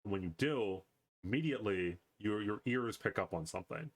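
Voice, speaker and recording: Low-voiced man narrating a tabletop game. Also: animated, brisk. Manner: descriptive, with frequent fillers and self-corrections. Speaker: game master.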